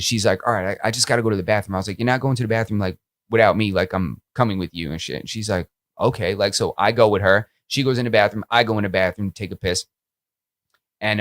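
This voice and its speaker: A man's voice: on the low side, no room sound, studio quality. A young man co-hosting a podcast, telling stories in loose casual banter and cursing freely. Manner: animated storyteller, swears a lot. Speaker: podcast co-host.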